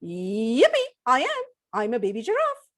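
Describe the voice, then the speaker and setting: A woman voicing an eager, childlike baby giraffe with a squeaky, bouncy voice. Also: huge pitch swings, moderate pace, a bit bright, exaggerated voice. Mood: excited.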